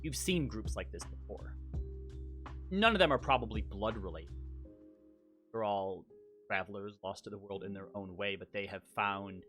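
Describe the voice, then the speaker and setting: A man narrating as game master in a relaxed way, with fillers. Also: lowish voice.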